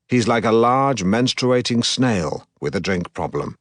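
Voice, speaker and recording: A pompous middle-aged broadcaster telling his own story in an audiobook, deadpan and self-important. The voice sits low. The sound is dry and close, with no room around it. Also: a little slow, dry recording. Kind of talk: audiobook narration.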